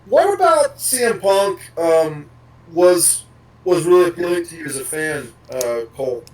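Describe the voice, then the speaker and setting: A man's voice: on the high side, lively intonation, a little slow, distant mic, poor audio. A man co-hosting a podcast, rambling casually and swearing now and then. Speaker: podcast co-host.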